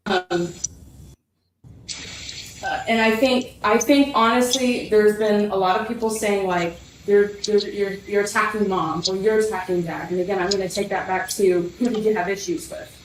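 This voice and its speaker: Young woman, personal testimony, halting and rambling, echoey room, mic at a distance, faint hiss. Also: mid-range voice, steady tone. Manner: rambling, many fillers and restarts. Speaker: guest telling family story.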